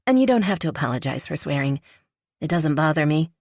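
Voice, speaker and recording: A woman's voice: sits low, very animated, a little fast, darkish tone, no echo, clean studio sound, full character voice. A woman reading a polite, shyly playful young woman. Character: young wealthy woman, warm, slightly shy, playful. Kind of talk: audiobook character reading.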